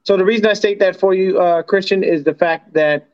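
A man co-hosting a casual sports podcast chat, animated and profane, with frequent laughter. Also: high-pitched, fairly quick. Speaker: podcast co-host. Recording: dull lo-fi sound.

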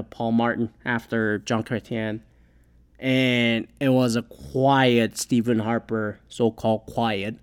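A Canadian speaker ranting about politics, swearing constantly, rambling and sarcastic. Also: mid-range voice. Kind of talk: profane political rant.

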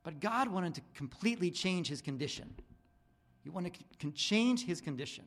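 A pastor with a high voice preaches at normal speed in a casual, rambling sermon full of restarts and fillers. He acts out bits of dialogue in animated, different voices.

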